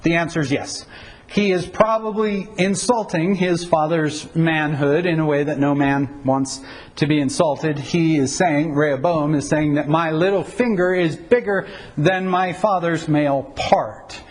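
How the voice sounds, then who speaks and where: The recording is rough: a middle-aged pastor with a fairly high, fairly even voice speaks a little slowly in a casual lesson on Bible translation. Wry and anecdotal, he repeatedly stops to correct himself.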